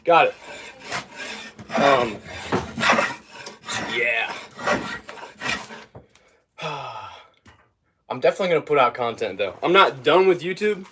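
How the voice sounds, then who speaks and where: A man's voice: medium pitch, animated, takes it slowly, long pauses, background noise. A young man chatting casually on a livestream while working, rambling and easily sidetracked as he talks to his viewers. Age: young adult.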